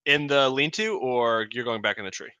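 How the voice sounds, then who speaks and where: Man in the GM chair, casual filler-heavy narration, crisp, smooth voice. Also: medium pitch, normal speed, bright, forceful tone, no room sound. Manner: loose and rambling, many ums and uhs. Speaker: game master. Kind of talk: narrating a tabletop game.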